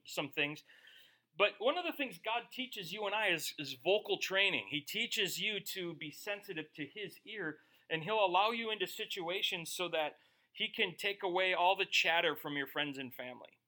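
A man's voice: high-pitched, pushed and bright. A middle-aged male pastor preaching a sermon in a conversational, joking way, acting out quoted voices.

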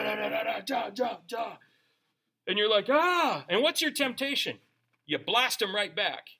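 A pastor preaching an animated, conversational sermon with touches of humor. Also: male voice, sits high.

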